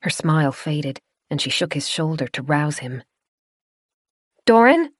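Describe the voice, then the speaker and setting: A woman reads a horror novel aloud in a measured, tense manner. Her voice sits low and the recording is dry and close, with no room sound. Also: steady tone, breathy edge, no room sound. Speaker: audiobook narrator. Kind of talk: scripted narration of a horror novel.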